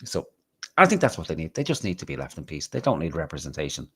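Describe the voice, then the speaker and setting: Irish male host, very low voice, casual profane storyteller. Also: huge pitch swings, fast, pushed and bright, husky. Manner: swearing, rambling anecdotes with acted-out quotes. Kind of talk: casual live-stream chat, storytelling.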